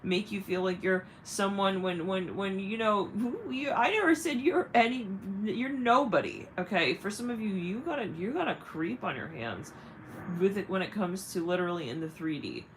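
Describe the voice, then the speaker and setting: A woman's voice: medium pitch, lively intonation, normal speed, slight background noise, poor audio. Blunt, salty woman psychic reader. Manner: frank, blunt, laughing, sometimes swearing. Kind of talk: live-stream spiritual reading.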